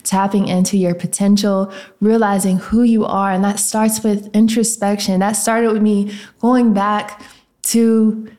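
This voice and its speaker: A woman's voice: mid-range voice, level tone, unhurried, warm tone. A woman, hosting a solo podcast in a reflective, motivational, casual way. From Tennessee, USA. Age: 20s. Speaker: podcast host.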